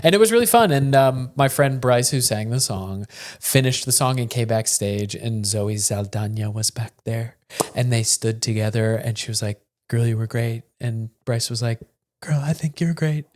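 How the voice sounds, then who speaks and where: A man's voice: mid-range voice, moderate pace. A young man co-hosting a podcast in casual chat, rambling and laughing, sometimes scatting or trying silly accents. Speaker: podcast co-host.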